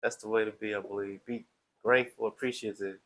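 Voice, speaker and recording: A man's voice: lowish voice, steady tone, brisk, a bit bright, rough recording. A man hosting a live stream, talking casually in a playful, chatty, self-promoting way.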